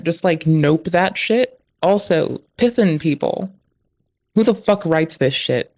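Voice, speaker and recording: A man's voice: a little high, animated, slow, a little mellow. A man on a live stream reading through malware code, ranting with sarcastic, profane commentary.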